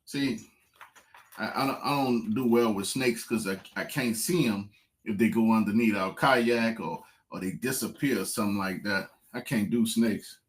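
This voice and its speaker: A man, casually telling viewers a fishing story, repeating phrases and getting excited. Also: fairly low pitch, moderate pace. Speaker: fishing vlogger.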